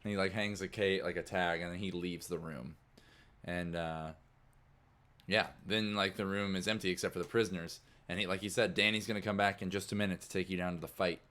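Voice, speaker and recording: A man's voice: deep voice, fairly even intonation, fairly quick, a bit bright. A man narrating as game master in a tabletop game, rambling with lots of fillers.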